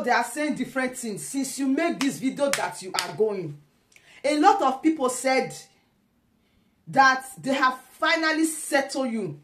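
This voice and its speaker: A woman's voice: high-pitched, fairly bright tone, roomy sound. A woman with a Nigerian accent giving teasing, laughing commentary in casual pidgin.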